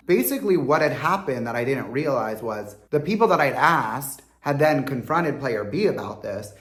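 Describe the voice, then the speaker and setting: A young man telling a storytime monologue about his reality competition run, in an animated, slangy way, acting out what others said. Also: moderate pace, hardly any pauses, echoey room. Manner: animated and slangy, acting out quotes with big pitch jumps. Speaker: former reality competition contestant.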